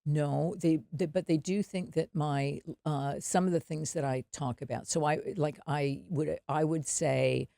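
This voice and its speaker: A woman's voice: rumbling low, creaky, warm tone, no room sound, studio quality. A middle-aged Canadian woman co-hosting a podcast, laughing often and restarting her sentences. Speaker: podcast co-host. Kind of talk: casual chat.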